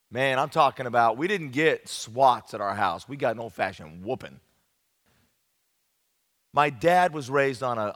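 A man preaching at a youth camp, telling a funny story from his childhood with lively, folksy emphasis. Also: mid-range voice. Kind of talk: evangelistic sermon with humorous storytelling. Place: large camp meeting room. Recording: long hall reverb.

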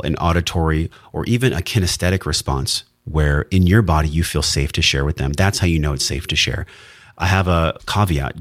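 A man's voice: low voice, no echo, clean studio sound. A man hosting a solo wellness podcast, talking in an earnest, heartfelt way and sometimes swearing for emphasis. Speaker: podcast host.

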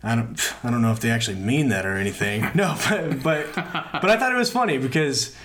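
A man's voice: medium pitch, a little fast, fairly bright tone. A young man co-hosting a casual podcast, laughing often and mocking himself, trailing off into restarts as he tells stories. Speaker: podcast co-host. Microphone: podcast microphone.

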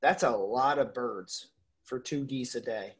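A young man from Minnesota, a guest on a podcast, telling stories in an animated, casual way, full of "like" and "dude" and the odd swear word. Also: medium pitch, unhurried. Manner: animated storyteller, swears freely, lots of "like" and "dude". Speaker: podcast guest, waterfowl hunter.

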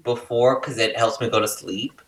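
A man hosting a podcast in casual chat, halting and searching for words with many "like" fillers. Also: medium pitch, fairly even intonation, a bit bright. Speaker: podcast host.

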